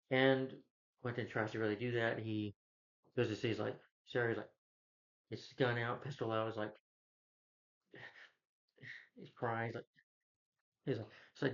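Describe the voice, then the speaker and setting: A video creator recaps a TV season in a casual, rambling way, retelling scenes and dialogue with plenty of "he's like" and "you know." His voice sits mid-range with a steady tone, moving at normal speed but pausing often. The lo-fi recording sounds slightly dull.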